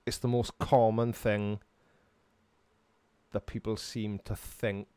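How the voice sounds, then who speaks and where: A man's voice: on the low side, little pitch movement, takes it slowly, darkish tone, clean tone, no echo. A middle-aged man, casually answering viewers' questions on a live stream in a dry, sarcastic way. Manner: dry, sarcastic, self-mocking.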